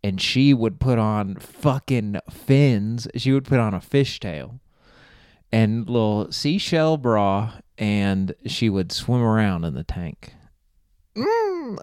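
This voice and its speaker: A young man spins a rambling comic story into the mic, breaking up at his own jokes. His voice sits a little low, smooth and clear, recorded dry and close. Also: darkish tone, no echo. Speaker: podcast host. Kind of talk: casual comedic monologue.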